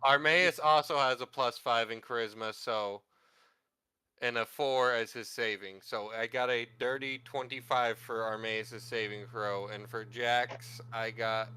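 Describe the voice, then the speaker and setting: A man playing a tabletop role-playing game, excitable and thinking aloud as he works things out. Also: mid-range voice, a little slow, clean tone, no room sound. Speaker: player. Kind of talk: casual tabletop game chat.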